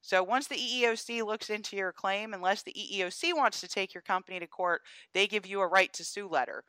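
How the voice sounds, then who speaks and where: A woman from Georgia co-hosting a podcast, chatting about the news in an animated way and laughing as she talks. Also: medium pitch, fast talker, clear, resonant tone, no room sound. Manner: animated, laughs while talking. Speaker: podcast co-host. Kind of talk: casual political chat.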